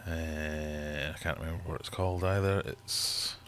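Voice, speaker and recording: Deep-voiced jokey quiz host. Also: male voice, fairly even intonation, measured pace, fairly bright tone, a little hiss or hum. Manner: chatty, jokey, teasing viewers. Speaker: livestream host running a quiz. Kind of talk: casual live-stream chat. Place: home fish room.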